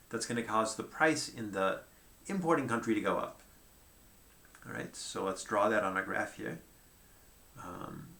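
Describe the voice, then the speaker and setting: Guy lecturing, kinda gravelly low voice, chatty, lots of "right?", echoey room. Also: sharp tone. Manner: conversational, thinking aloud with frequent "right?" and "um". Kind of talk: whiteboard economics lecture.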